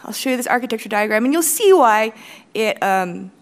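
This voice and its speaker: Blunt, animated woman giving a conference talk. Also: on the high side, slight background noise. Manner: blunt, profane, fast-talking with self-mocking asides. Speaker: conference speaker, company CEO. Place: large conference hall stage.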